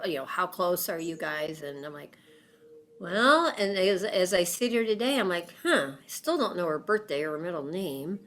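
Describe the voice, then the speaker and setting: Bright, animated woman telling her story. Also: on the low side. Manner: animated, lots of fillers, acts out quoted voices. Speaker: guest. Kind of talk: storytelling in an interview.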